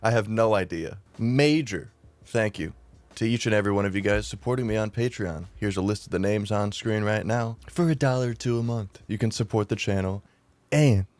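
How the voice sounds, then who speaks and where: A young man telling a rambling, animated storytime vlog, laughing at himself and swearing freely. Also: fairly low pitch, no echo. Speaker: YouTuber.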